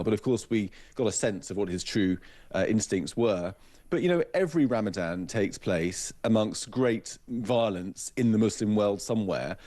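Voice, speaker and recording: A man who is an author, a guest on a radio interview, speaking in a measured, pointed way with dry scorn. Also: on the low side, darkish tone.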